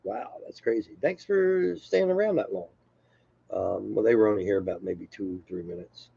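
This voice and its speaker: A man's voice: on the low side, lively intonation, moderate pace, gravelly, dark tone, breathy edge, no room sound, lo-fi sound. A man live streaming a rambling, self-deprecating casual comedy monologue from home.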